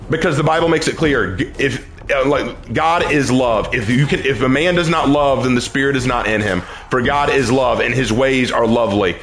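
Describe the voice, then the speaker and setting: A man's voice: medium pitch, moderate pace, a bit bright, roomy sound. A man preaching emphatically and repetitively while playing a video game. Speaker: gamer streaming gameplay. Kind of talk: casual preaching while gaming.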